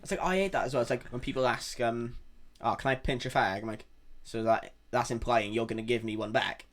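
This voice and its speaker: A man's voice: medium pitch, fast talker. A man co-hosting a casual chat, swearing and acting out quotes as he tells stories. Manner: swearing, animated storytelling with acted-out quotes. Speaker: podcast co-host.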